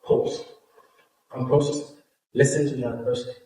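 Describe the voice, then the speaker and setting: A man with a South African Xhosa accent teaches public speaking in a workshop, explaining patiently and repeating his points. His voice is mellow and carries from a distance across a very echoey room. Faint noise sits behind it. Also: mid-range voice, steady tone, normal speed.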